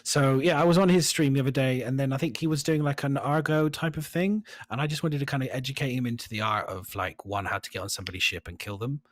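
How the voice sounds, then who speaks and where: A man's voice: medium pitch, fast, hardly any pauses, no echo. A man telling rambling stories in a casual gaming podcast chat, full of fillers and restarts. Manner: rambling, animated storytelling with frequent fillers. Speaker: podcast host.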